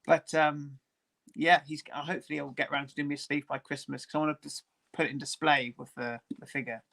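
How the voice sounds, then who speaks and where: A fairly high-voiced man talks as a guest on a live stream. He chats in a friendly, easygoing way. He laughs often between his remarks. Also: flat delivery, brisk, vocal fry, a bit bright. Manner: chatty, laughs easily, friendly. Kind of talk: casual chat on a live stream.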